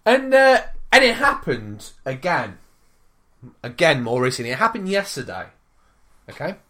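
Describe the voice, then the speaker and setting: Animated man telling a rant. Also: fairly high pitch. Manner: animated, swearing, acts out his own shouting. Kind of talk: casual chat, animated anecdote.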